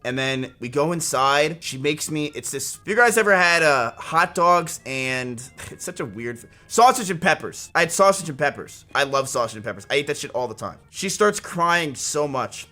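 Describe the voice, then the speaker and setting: A man's voice: fairly high pitch, animated, normal speed, hardly any pauses, pushed and bright, faint music behind. A man in his twenties casually telling a rambling story to his stream chat, swearing often. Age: 20s.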